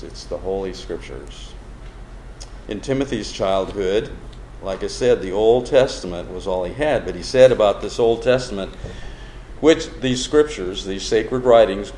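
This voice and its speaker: Here a pastor with a lowish voice and darkish tone preaches slowly and deliberately, working through a Bible verse word by word. He asks the congregation questions along the way, and the roomy hall carries faint background noise.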